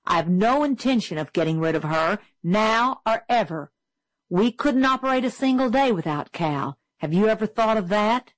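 A woman voicing a stern middle-aged father in a storybook reading, firm and measured. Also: mid-range voice, lively intonation, dry recording, natural voice, rough recording.

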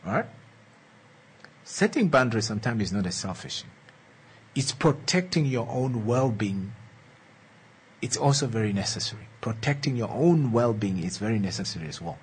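Husky guy giving a relationship talk, earnest and coaxing, voice swoops up and down a lot. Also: fairly low pitch, expressive. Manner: repeats key lines and checks in with "All right?" and "Eh?"; earnest, coaxing, slow and emphatic. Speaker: relationship speaker. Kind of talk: motivational talk to an audience.

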